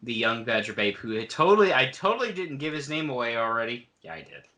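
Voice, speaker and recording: Bright, lively male podcast co-host. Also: mid-range voice, quick pace. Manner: animated summarizing, acts out characters' lines. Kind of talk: casual book discussion chat.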